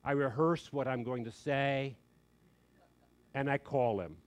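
A man's voice: medium pitch, a little slow. An older man preaching a sermon, telling a family story in an earnest, conversational way. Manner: earnest, conversational, quoting others in lively asides.

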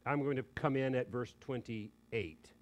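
A man preaching a sermon, emphatic and animated, dropping in quick joking asides. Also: mid-range voice, slight background noise.

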